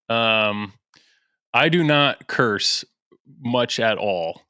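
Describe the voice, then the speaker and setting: A man's voice: mid-range voice, big pitch swings, very slow, long pauses, bright, forceful tone, clear, resonant tone, no echo. Earnest, easygoing man with a dry sound. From American Midwest. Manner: earnest, self-deprecating, laughs easily. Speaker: podcast guest. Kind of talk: casual chat.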